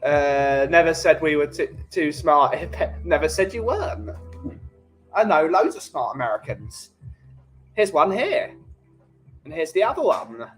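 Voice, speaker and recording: A man with a London English accent, hosting a relaxed coffee chat stream and bantering jokily with his live chat. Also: fairly high pitch, a little slow, soft background music, poor audio. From England. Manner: jokey, rambling banter.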